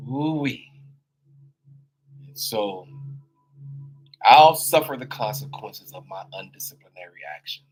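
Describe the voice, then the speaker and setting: A man's voice: mid-range voice, lively intonation, unhurried, long pauses, breathy edge. A man hosting his own daily live show, preaching in an informal way. He repeats words and calls his listeners y'all. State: on a crutch with a swollen knee. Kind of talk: preacher-style live monologue.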